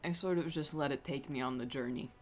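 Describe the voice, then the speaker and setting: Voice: mid-range voice, brisk. A game streamer chatting casually on a live stream while playing, laid-back, swearing freely and laughing often.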